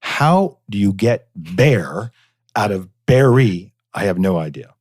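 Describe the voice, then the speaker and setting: Slow and animated, a man with a somewhat low, slightly mellow voice recounts local history as a podcast guest. He's a preservation society director from northeastern Pennsylvania, talking casually with many fillers, captured in clean studio sound without any room tone.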